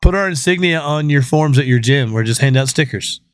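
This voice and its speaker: A man's voice: a little high, a little fast, clean tone, no room sound, studio quality. A man hosting a podcast in casual chat, joking and swearing freely. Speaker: podcast host.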